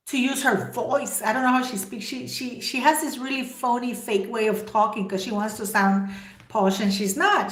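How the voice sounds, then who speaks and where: Woman, livestream host, emphatic rhetorical questions, slightly high voice, echoey room. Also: a bit bright. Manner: talks straight to her viewers. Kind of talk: opinionated livestream commentary. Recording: roomy echo.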